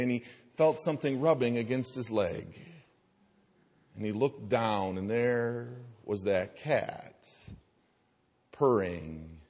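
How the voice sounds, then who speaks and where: Preaching with a medium-pitched voice, a man acting as pastor narrates a story and performs its voices. Important lines come slower and softer, all echoing with the long reverb of a hall.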